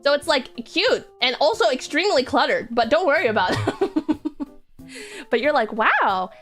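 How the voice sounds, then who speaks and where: A woman's voice: high-pitched, lively intonation, moderate pace. A young woman streaming, chatting casually in a rambling, giggly, self-deprecating way. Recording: faint music behind.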